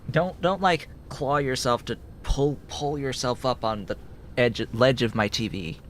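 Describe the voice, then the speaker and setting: A man's voice: measured pace, a bit bright, slight background noise. A man chatting casually as he streams a game, rambling and thinking aloud. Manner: rambling, talks to his cat in a high baby voice. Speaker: gameplay streamer. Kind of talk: casual gameplay commentary. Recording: faint music behind.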